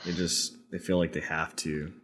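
A man hosting a casual gaming podcast, rambling and trailing off quietly as he reads listener mail. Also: rumbling low, little pitch movement, moderate pace, breathy edge. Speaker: podcast host. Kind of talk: casual chat.

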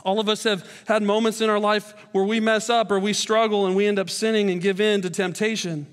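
A man's voice: high voice, little pitch movement, brisk. A man, a pastor in his thirties, giving a sermon in a church auditorium and telling stories with self-deprecating humor. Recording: long hall reverb.

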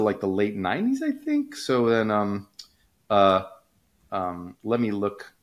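A man hosting a podcast, explaining economics in a casual, rambling way, full of fillers and restarts. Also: lowish voice.

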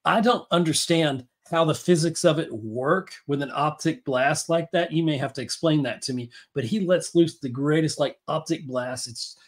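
A man's voice: fairly high pitch, normal speed, hardly any pauses. A man hosting a podcast, talking in a rambling, enthusiastic way with many fillers and restarts. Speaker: podcast host. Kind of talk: casual chat.

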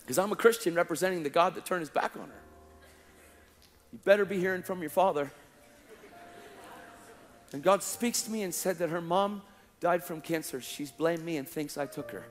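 A male preacher telling a testimony story in an animated way, acting out the dialogue and laughing along, in a large hall. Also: a little high, fairly quick. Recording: long hall reverb, faint music.

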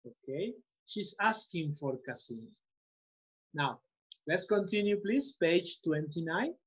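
Slow, husky male English teacher. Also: fairly high pitch, animated, dull audio. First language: Spanish. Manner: patient, repetitive, slow instructions. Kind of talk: online class teaching.

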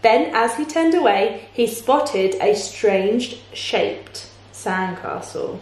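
A woman teacher reading a children's storybook aloud in a playful way, pausing to ask her listeners questions. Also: on the high side, lively intonation, slight background noise. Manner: slow, warm, playful, asks listeners questions. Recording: echoey room.

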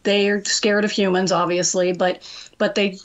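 A middle-aged woman, a trading coach, is a guest on a radio talk show and tells stories in a chatty, animated way. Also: medium pitch, normal speed. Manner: chatty, animated storyteller, laughs often. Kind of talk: phone-in storytelling on a talk show.

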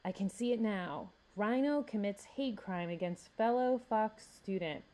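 A woman's voice: medium pitch, expressive, fairly quick, dark tone, close to an everyday voice. A woman reading aloud as a confident, charming teenage elk boy who talks in a self-assured way. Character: smooth, confident teen elk boy, school president.

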